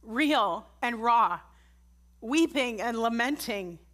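A middle-aged woman with a somewhat high voice preaches a sermon at a church service. She talks in an earnest, conversational way and keeps putting direct questions to the congregation. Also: animated, slow, fairly bright tone.

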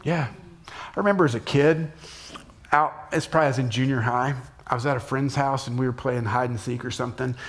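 A middle-aged man giving a conversational sermon as a pastor, dropping soft and low for emphasis and jumping up for acted shouts. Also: fairly even intonation, brisk.

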